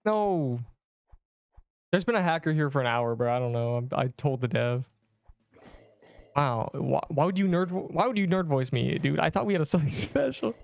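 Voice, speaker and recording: Smooth-voiced young male gaming streamer. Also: on the high side, animated, moderate pace, darkish tone, no echo. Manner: rambling, filler-heavy, reads chat aloud. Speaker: livestreamer. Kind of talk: casual livestream chat while gaming.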